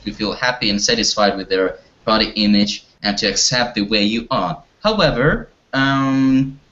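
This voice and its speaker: A man's voice: fairly low pitch, animated, normal speed, a bit bright. A man teaching an online English class, talking hesitantly with many fillers and restarts. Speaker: language teacher. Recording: dull lo-fi audio.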